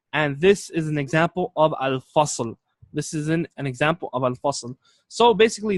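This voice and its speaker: A man's voice: fairly high pitch, fairly bright tone, no room sound. A male teacher giving a classroom lecture, patient and explanatory, repeating key points and checking that students follow. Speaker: Arabic teacher.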